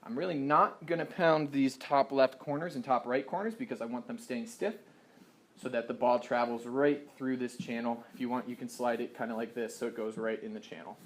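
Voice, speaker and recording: A young man casually explaining a hands-on stringing job step by step, chatty and relaxed, with self-deprecating asides. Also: mid-range voice, fairly quick. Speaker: lacrosse stringing instructor. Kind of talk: casual how-to tutorial.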